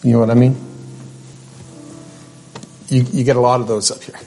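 A man's voice: medium pitch, little pitch movement, normal speed, warm tone, soft background music. A male pastor giving a sermon in a conversational way, with asides and restarts.

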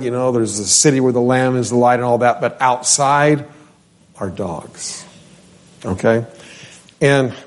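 A man teaching from the Bible in a relaxed sermon, unhurried, calling on listeners by name and asking them questions. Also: medium pitch. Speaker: pastor. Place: church.

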